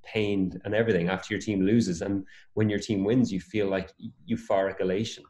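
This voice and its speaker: A man co-hosting a casual podcast chat with an easygoing, agreeable manner. His voice sits fairly low, and it is recorded with a roomy echo around it. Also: fairly even intonation, a little fast, a little mellow. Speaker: podcast co-host.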